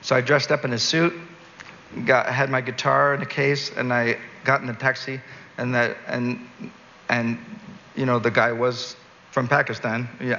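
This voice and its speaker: A Canadian man in an interview, telling a rambling, animated story and laughing at his own jokes. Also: mid-range voice, normal speed. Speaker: entertainer and guest. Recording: dull recording with long reverb, faint noise.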